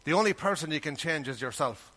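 This preacher talks at a quick pace in a fairly high voice that is expressive, bright, and forceful. His sermon is earnest and conversational, with scripture read aloud in King James wording.

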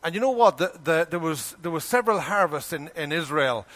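A man's voice: on the high side, lively intonation, a little fast, fairly bright tone. A man preaching a sermon, emphatic, asking the listeners rhetorical questions and acting out the people he quotes. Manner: acts out quoted voices.

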